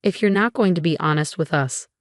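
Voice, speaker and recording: A stern businesswoman in her forties conducting a job interview, put on by a female storyteller. Her words come out crisp and clipped, pitched a little low, in a dry, close sound. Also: a little fast, no echo, close to an everyday voice. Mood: dismissive.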